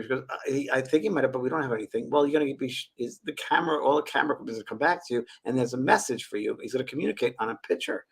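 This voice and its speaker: A man's voice: medium pitch, creaky, husky. A middle-aged man, a medium, telling stories in a casual chat and acting out the voices of the people he quotes. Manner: animated, acts out quoted voices, laughs often. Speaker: medium and show co-host.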